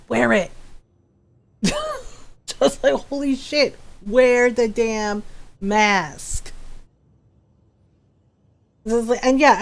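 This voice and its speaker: Exasperated woman streamer, higher voice. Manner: exasperated ranting, quick laughs; animated, talks to chat directly. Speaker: game streamer. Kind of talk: casual chat with live viewers.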